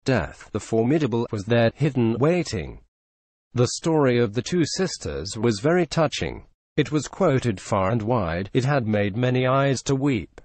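Expressive male audiobook narrator. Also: mid-range voice, measured pace, no room sound. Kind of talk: scripted narration.

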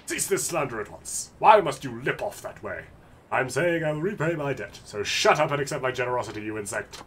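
A man's voice: mid-range voice, animated, a little fast, a bit bright, slight background noise, natural voice. A man voicing a pompous self-styled nobleman of thirty-five, who scorns others in grand, old-fashioned wording. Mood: haughty.

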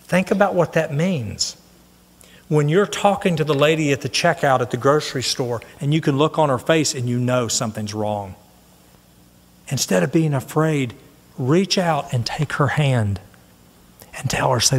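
A middle-aged man preaching a sermon, telling a personal story in an earnest, animated way. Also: fairly high pitch, normal speed. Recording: long hall reverb.

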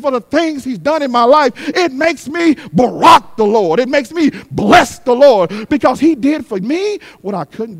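High-pitched, lively middle-aged male preacher. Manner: fiery preaching that swings between shouts and hushed, fast asides; repetitive call-and-response cadence. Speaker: guest preacher. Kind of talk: sermon.

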